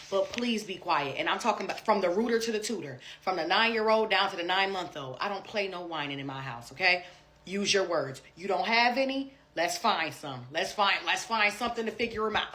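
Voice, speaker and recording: A woman's voice: medium pitch, sharp tone, a little hiss or hum. A woman ranting bluntly and exasperated, swearing often in a casual vlog. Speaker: vlogger ranting. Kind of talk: casual rant.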